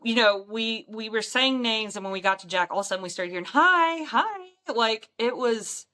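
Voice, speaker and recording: A woman's voice: medium pitch, steady tone, brisk, bright, forceful tone. A woman, a paranormal investigator, telling stories in a casual chat with frequent ums and light laughs.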